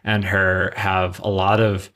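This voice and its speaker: A man with a very low voice talks through an episode recap on a podcast. He rambles, circling back with lots of fillers and restarts, in an easygoing chatty way. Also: little pitch movement, takes it slowly, sharp tone. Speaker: podcast co-host. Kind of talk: casual recap chat.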